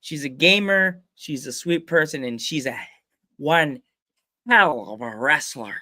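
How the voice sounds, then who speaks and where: A man in his forties hosts a casual podcast with a fairly high voice. He jokes and laughs often. The sound is dry and close. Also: unhurried, bright, forceful tone, dry recording. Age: 40s. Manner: jokey, laughs often, does goofy voices in anecdotes. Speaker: podcast host.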